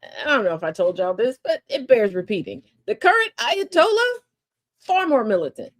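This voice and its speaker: Woman host, sharp-tongued and sarcastic commentator, fairly high voice, chatty stream delivery. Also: huge pitch swings, moderate pace. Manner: sassy and sarcastic, laughs often, mocks voices in quotes. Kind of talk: casual political commentary.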